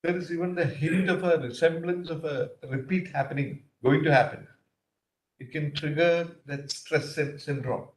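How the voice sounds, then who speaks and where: A man's voice: on the high side, normal speed. A man, a judge questioning counsel in a probing, thinking-aloud way with many fillers. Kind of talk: courtroom questioning. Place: large courtroom. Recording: roomy courtroom audio.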